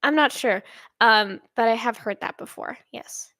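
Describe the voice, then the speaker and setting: 19yo woman, swedish native, chatty and unsure, lots of ums, dry sound, kinda high. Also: a little slow, bright, forceful tone, no room sound. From Sweden. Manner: hesitant and rambling, with many fillers and restarts. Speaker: streamer. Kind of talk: casual livestream chat.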